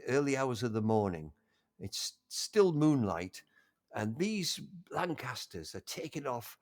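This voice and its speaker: Older guy chatting about his favorite things, stops and restarts a lot, gets excited. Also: mid-range voice. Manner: halting, restarts often, warmly enthusiastic. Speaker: interview guest. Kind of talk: casual reminiscing conversation.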